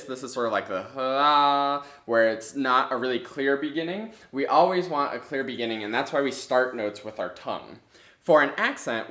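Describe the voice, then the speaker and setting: A man teaching music in an instructional video, explaining step by step in a clear, methodical way. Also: mid-range voice, fairly bright tone. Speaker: clarinet teacher. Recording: echoey room.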